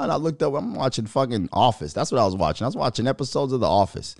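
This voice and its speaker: A man hosting a podcast, ranting in a profane, animated, mocking way and laughing between remarks. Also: medium pitch, very fast, gravelly, few pauses, slight background noise. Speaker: podcast host. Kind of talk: casual commentary rant.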